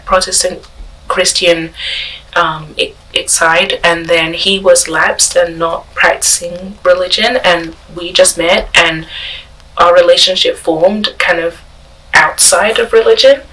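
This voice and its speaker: A woman's voice: lowish voice, sharp tone, distant mic, poor audio. A woman guest on a parish podcast, telling her faith story in a reflective way with many fillers and restarts.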